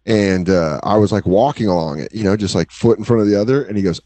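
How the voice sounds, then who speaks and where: A man in his late thirties, a podcast co-host, telling crude comic stories in casual chat and acting out quotes in high yelps. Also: quick pace, dry recording. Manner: animated, swears freely, acts out quotes in high yelps. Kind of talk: casual comedic storytelling.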